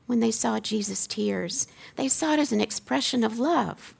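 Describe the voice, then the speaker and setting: Woman, middle-aged, fairly high voice, gravelly edge, earnest teaching talk, rhetorical questions. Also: moderate pace. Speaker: seminary teacher giving a talk.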